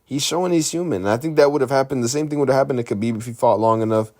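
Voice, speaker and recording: Guy riffing on a fight result, rambly, talks at a middling pitch, lots of "you know". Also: racing, a little mellow. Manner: rambling, conversational, lots of fillers and restarts. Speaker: MMA commentary host. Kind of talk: casual fight reaction commentary.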